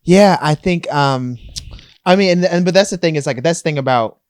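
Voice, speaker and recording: A man's voice: on the high side, moderate pace, smooth, dry recording, clean studio sound. A man co-hosting a book podcast, speaking thoughtfully with hesitant restarts. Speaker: podcast co-host. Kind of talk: casual book discussion.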